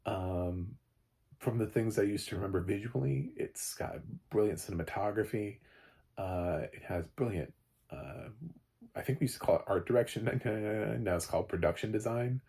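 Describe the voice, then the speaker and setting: A man giving a casual, rambling spoken film review, often restarting and jumping up in pitch when animated. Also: moderate pace, vocal fry, husky.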